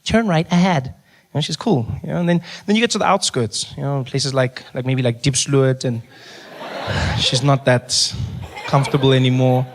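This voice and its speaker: A man performing animated stand-up storytelling on a comedy stage. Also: medium pitch, normal speed.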